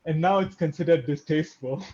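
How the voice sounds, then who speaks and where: A man's voice: fairly high pitch, brisk, darkish tone, dull audio. A young man from India doing a stand-up set online, with dry, self-deprecating jokes and chuckles. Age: young adult. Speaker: stand-up comedian.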